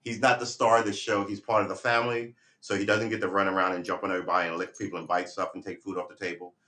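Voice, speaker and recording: A man's voice: deep voice, flat delivery, fast, bright, forceful tone. Rambling man chatting with his dog. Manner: rambling, talks to his dog, firm commands. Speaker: streamer. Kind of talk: casual live-stream chat.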